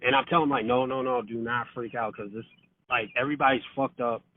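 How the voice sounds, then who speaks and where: A man's voice: mid-range voice, fairly even intonation, fast, slight background noise. A man in casual storytelling over the phone, swearing freely, using lots of fillers and acting out quotes. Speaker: podcast guest. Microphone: phone call. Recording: tinny dry phone line.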